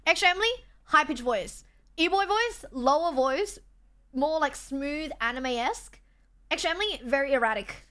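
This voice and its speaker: Bright-voiced woman streamer. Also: sits high, lively intonation, normal speed. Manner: chatty, reads chat aloud, self-deprecating. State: tired from travel. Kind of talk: casual live-stream chat.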